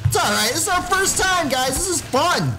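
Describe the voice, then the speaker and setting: A man hosting a gaming channel, giving loud, excited gameplay commentary and yelling into his desk mic with sudden high shrieks. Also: normal speed, low-quality recording. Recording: music playing behind.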